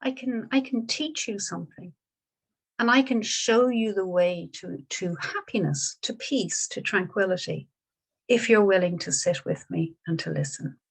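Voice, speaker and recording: Woman doing a kindly male sage, soothing, gentle, repeating phrases. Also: medium pitch, measured pace, creaky, husky.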